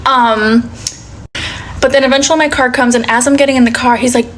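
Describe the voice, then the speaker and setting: A woman telling a storytime monologue in an earnest, shaken way. Her voice sits fairly high. Faint ambient noise runs behind her. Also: steady tone, a little fast, a bit bright.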